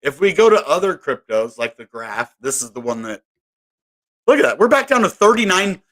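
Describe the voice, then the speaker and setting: A man talking through the crypto market in a loose, rambling way, restarting sentences and sounding fed up. His voice sits a bit high for a man. It has a bright, forceful tone. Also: very animated, moderate pace. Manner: rambling, exasperated, self-interrupting. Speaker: crypto video host. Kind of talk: casual market commentary.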